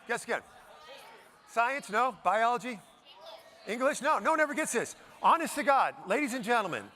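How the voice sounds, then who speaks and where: A man from Denver giving a high-energy keynote, playfully ordering the audience around with quick commands. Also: pushed and bright, a little hiss or hum. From Denver, Colorado. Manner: upbeat, playful, bossing the crowd with quick commands. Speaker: keynote speaker. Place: conference hall stage.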